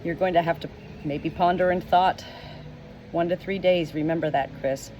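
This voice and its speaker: A woman's voice: fairly low pitch, fairly even intonation, warm tone. Tearful woman medium, roosters behind. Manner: slow, emotional, repeats words. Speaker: spiritual medium. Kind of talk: channeled message video. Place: outdoors with roosters nearby. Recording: roosters and outdoor noise behind.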